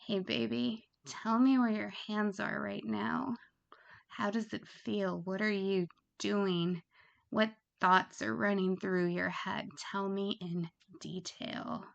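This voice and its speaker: A sultry, soft-spoken woman on a call murmurs slowly in a whispered role-play, as a woman puts it on. The voice is breathy with a gravelly edge, and the recording is dull and lo-fi. It drags each phrase out gently. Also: medium pitch.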